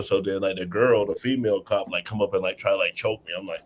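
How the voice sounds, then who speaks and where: A man's voice: low voice, steady tone, fast. A young man chatting casually, telling a personal story in slangy, loose speech. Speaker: guest telling his story. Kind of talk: casual chat.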